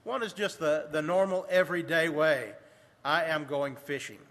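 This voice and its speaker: A man preaching from the pulpit, his voice high and bright. He reads scripture in old-fashioned wording and slows down to stress key phrases. The sound carries a long reverb, as in a large church. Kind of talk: sermon.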